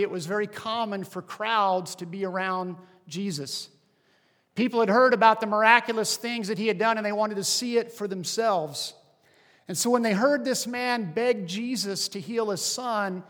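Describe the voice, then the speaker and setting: A male pastor preaching a sermon with animated, rising and falling emphasis. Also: sits high, normal speed, in a large hall.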